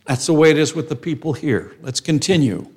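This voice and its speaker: A man's voice: on the high side, brisk, a little mellow. A man preaching an expository sermon, emphatic, repeating phrases for stress.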